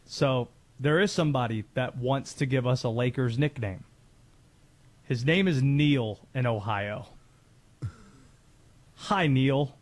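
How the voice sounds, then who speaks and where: A man hosting a sports talk show, chatty and excitable, laughing easily. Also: mid-range voice, takes it slowly, long pauses. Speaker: sports radio host.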